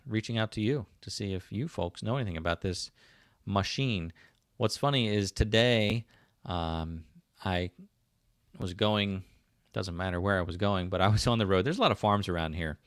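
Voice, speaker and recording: A livestream host with a South Jersey/Philadelphia accent speaks in a lowish, slightly bright voice, recorded in clean studio sound with no room tone. He rambles casually through viewer comments, full of fillers and restarts.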